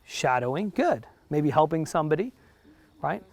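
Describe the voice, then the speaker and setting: Very animated and a bit gravelly, his voice runs on the high side at a moderate pace. A real estate broker with a New Jersey accent, he delivers a conversational motivational talk to realtors live, checking in with them often.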